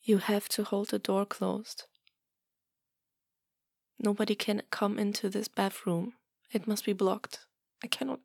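A woman's voice: medium pitch, little pitch movement, takes it slowly, vocal fry, pauses often, a little mellow, no room sound, studio quality. A woman in a whispered role-play, talking in a pleading, hesitant way that often drops to a whisper. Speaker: audio role-play performer.

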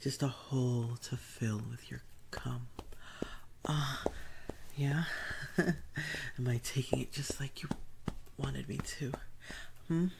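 A woman in a teasing, breathy whispered role-play, taunting the listener. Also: rumbling low, steady tone, slow, pauses often, background noise. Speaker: erotic audio performer.

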